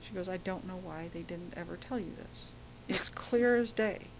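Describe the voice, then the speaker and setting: A middle-aged woman telling a personal story as a guest, animated, acting out the voices of people she quotes. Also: on the low side, normal speed, background noise.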